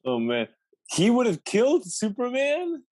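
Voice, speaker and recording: A man's voice: extremely high pitch, huge pitch swings, measured pace, a little mellow, no echo. A man co-hosting a podcast, reacting with short comments and jokes. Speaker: podcast co-host. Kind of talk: casual chat.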